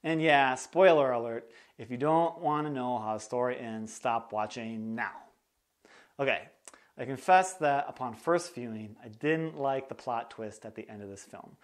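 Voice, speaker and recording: A man's voice: mid-range voice, normal speed. Joking, sarcastic male music teacher. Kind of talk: casual comedic music lesson.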